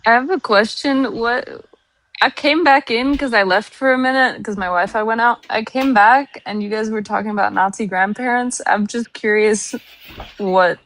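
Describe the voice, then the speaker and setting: A woman's voice: on the high side, moderate pace, a bit bright, poor audio. A woman on a live stream asking what she missed, curious and plain-spoken. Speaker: guest. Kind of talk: casual live-stream chat.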